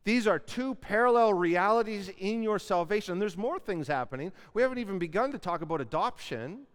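A man's voice: high-pitched, lively intonation, brisk, clean tone. Male pastor preaching in an echoing hall. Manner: earnest, building emphasis on key words. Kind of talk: sermon. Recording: long hall reverb.

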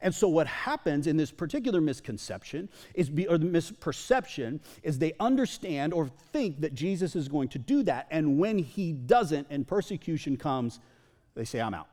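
A man's voice: on the high side, sing-song, moderate pace, dark tone. A male pastor giving a sermon in a church hall, talking conversationally and often repeating words as he goes.

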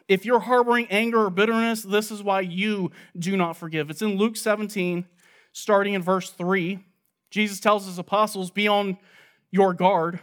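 A man with a high voice delivers an earnest sermon, reading passages aloud and then explaining them. He speaks like a preacher leading a Bible study, working through the text one verse at a time. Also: moderate pace, fairly bright tone.

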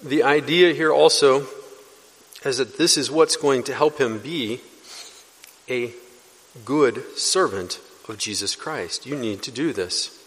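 A man's voice: mid-range voice, takes it slowly. Earnest male pastor in a reverberant hall. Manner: earnest teaching, rising for emphasis. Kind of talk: expository sermon. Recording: long reverb of a church hall.

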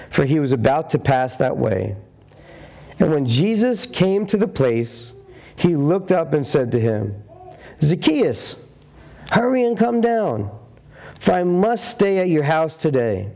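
A man preaching a sermon, telling the story with animated storytelling and acting out the quotes in character. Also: medium pitch, vocal fry.

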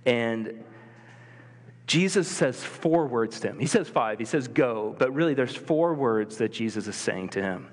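A man preaches in an easy, conversational style, full of energy. He often acts out the voices of people in the passage. His voice sits at an ordinary pitch and rings with a long hall reverb. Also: moderate pace. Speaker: pastor. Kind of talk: sermon. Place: church sanctuary.

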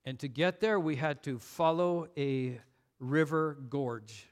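A man's voice: fairly high pitch, slow pace. A man preaching a sermon, telling a personal story and building to emphatic points. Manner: storytelling, rising to emphatic intensity. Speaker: pastor.

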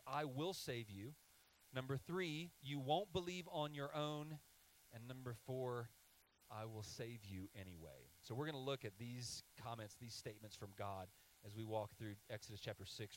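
A man preaching a sermon, reading scripture aloud and then teaching in points, slowing down to stress key phrases. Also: mid-range voice, rough recording. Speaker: pastor.

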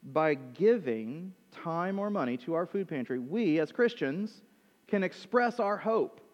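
A man preaching a sermon as pastor, conversational and animated, moving between quick asides and slow, emphatic lines. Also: a little high, big-room sound, dull audio.

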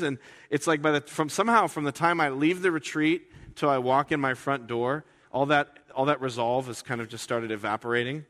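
A man preaching a sermon as pastor, talking in a conversational way and acting out quoted voices with sudden jumps in pitch. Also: a bit bright. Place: church sanctuary. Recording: reverberant hall.

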